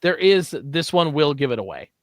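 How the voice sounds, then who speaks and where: A man's voice: on the high side, sing-song, dry recording. A man co-hosting a morning sports radio show, running a quiz game and teasing his partner as he drags out the clues. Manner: teasing quizmaster, drawls clues slowly. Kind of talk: casual sports radio banter.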